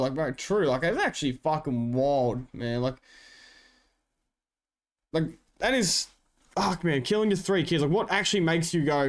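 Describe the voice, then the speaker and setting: A man's voice: fairly high pitch, moderate pace. An Australian man streaming, rambling in slangy casual chat with his viewers and swearing a lot.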